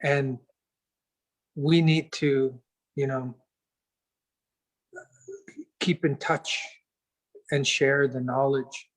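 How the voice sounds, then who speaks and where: Slow, earnest man telling a story. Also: medium pitch, fairly even intonation, poor audio. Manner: earnest and unhurried, searching for words. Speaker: interview guest. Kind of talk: reflective storytelling conversation.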